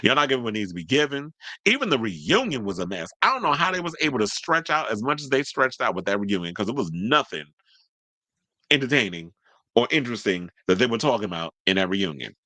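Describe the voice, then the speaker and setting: Sassy, blunt gossip host with a bright voice. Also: male voice, mid-range voice, sing-song, fairly quick, dry recording. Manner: sassy, blunt, reads news aloud and then riffs on it. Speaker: celebrity gossip commentator. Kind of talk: casual gossip commentary.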